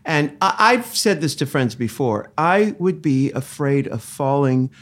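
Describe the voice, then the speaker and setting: A man's voice: fairly high pitch, lively intonation, a little slow. A man co-hosting a podcast, asking curious, probing questions in casual chat. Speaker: podcast co-host.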